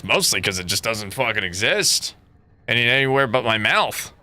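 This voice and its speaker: A man's voice: mid-range voice, big pitch swings, moderate pace, sharp tone. A young man streaming a game, chatting casually with viewers in a rambling, profane way that keeps breaking into laughter. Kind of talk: casual livestream chat.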